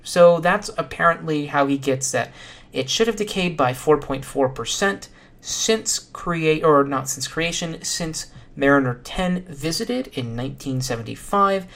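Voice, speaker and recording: Solo science podcast host, dry and sardonic, casual delivery, mid-range pitch. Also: lively intonation, unhurried, gravelly, a bit bright. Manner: casual with fillers.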